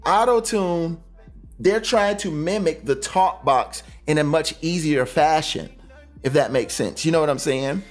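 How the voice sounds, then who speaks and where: A man who plays the talk box, a guest explaining it in casual, enthusiastic talk with relaxed slang. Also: a little high, unhurried, soft background music.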